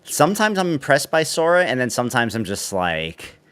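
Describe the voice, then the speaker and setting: A man's voice: mid-range voice, very animated, normal speed, smooth. A man hosting a casual tech livestream, rambling and correcting himself as he goes. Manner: rambling, self-correcting, soft asides. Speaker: show host. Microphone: webcam setup on a video call.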